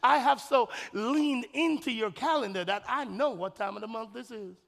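A male pastor with a strikingly high, gravelly voice delivers a sermon with forceful, bright energy. He talks straight to the congregation, hammering his points through repetition and folksy humor. His voice rings out with a long reverb, as in a large church sanctuary. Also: normal speed. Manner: emphatic, repeats phrases, addresses the congregation directly.

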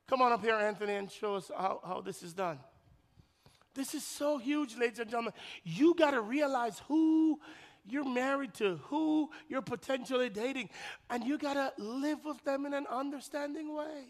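A man preaching a sermon as pastor, swinging from shouted peaks to hushed drops and acting out the voices of a couple. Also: extremely high pitch, moderate pace. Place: church. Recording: long hall reverb.

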